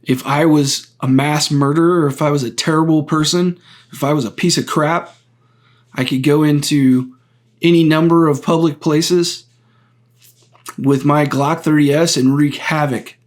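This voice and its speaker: A man hosting his own podcast, talking through a topic on his own in an earnest, deliberate way, often stopping to restart a phrase and explain step by step. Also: on the high side, fairly even intonation. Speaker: podcast host. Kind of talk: solo political commentary.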